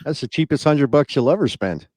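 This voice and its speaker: A man's voice: fairly high pitch, expressive, a little fast, darkish tone. A man hosting a casual interview, asking easygoing questions with many ums and uhs. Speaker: host.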